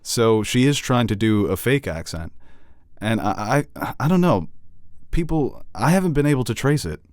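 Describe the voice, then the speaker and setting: A man's voice: mid-range voice, very animated, moderate pace, darkish tone, no echo, clean studio sound. A man co-hosting a podcast, giving analytical, opinionated takes in a casual TV review discussion. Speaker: podcast co-host.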